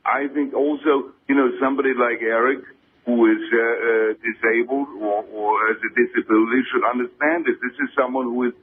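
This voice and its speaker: A man's voice: medium pitch, steady tone, fairly quick, a little hiss or hum, close to an everyday voice. Guy doing a fake governor voice, gushing and earnest, tinny phone call. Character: male impersonator posing as a famous governor. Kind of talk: prank call on radio. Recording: tinny phone line on archived radio.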